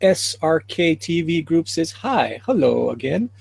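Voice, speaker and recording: A man's voice: fairly high pitch, very animated, a little slow, gravelly, a little mellow, husky, dry recording. A man hosting a casual livestream, reading viewer comments aloud and chuckling often. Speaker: livestream host reading chat.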